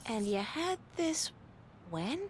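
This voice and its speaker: A wry, teasing young game heroine. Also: female voice, fairly high pitch, big pitch swings, slow pace, slight background noise. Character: curious young woman heroine, wry and probing. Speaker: game character.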